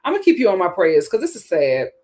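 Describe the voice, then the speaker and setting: A woman hosts a relaxed live-stream chat show. Her voice sits at an ordinary middle pitch. She talks in a loose, emphatic way, reads viewer comments aloud and says her key lines twice or three times over. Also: fast. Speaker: host of a reality TV chat stream.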